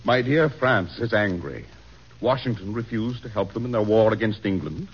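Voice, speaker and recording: An actor playing a middle-aged president, weary and full of doubt, with brooding, sighing delivery in 1940s radio style. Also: male voice, on the low side, normal speed, slight background noise, natural voice. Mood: troubled. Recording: dull old radio recording.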